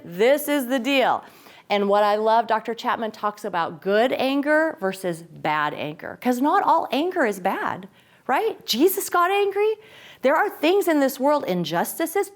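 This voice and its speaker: A middle-aged woman giving a faith-based parenting talk, lively and animated, slipping into quoted voices. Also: on the high side. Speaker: guest speaker on parenting and faith.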